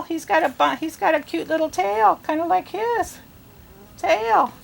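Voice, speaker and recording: A woman teaching children to read, sounding out letters and words slowly and asking them questions in an encouraging way. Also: very high-pitched, creaky. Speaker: reading teacher. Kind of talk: early reading lesson.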